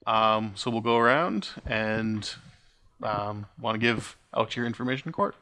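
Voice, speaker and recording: A man hosting and running a tabletop game podcast, relaxed as he wraps up the session. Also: lowish voice, measured pace, a little hiss or hum. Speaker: game master and host. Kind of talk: casual podcast sign-off.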